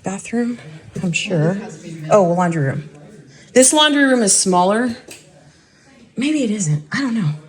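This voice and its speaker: A woman chats her way through a walk-through of an empty house, her voice sitting at an ordinary middle pitch. She thinks aloud, hedges her guesses, and keeps a relaxed, conversational tone. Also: a little slow, pauses often. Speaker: vlogger giving a house tour. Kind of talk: casual walk-through narration.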